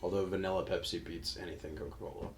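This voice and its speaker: A man's voice: deep voice, fairly even intonation, fast, a little hiss or hum. A young man co-hosting a casual podcast, blunt and teasing, with frequent swearing. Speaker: podcast co-host. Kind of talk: casual chat.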